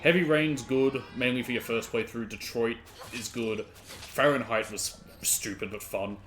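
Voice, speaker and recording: A young man chatting casually to his stream while playing, rambling with quick asides. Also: mid-range voice, a bit bright, a little hiss or hum. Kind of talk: casual gameplay commentary.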